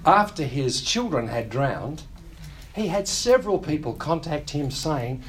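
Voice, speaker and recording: Lively preaching pastor, slightly high voice. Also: male voice, a little slow. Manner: acts out quoted voices, wry asides. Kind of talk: sermon teaching.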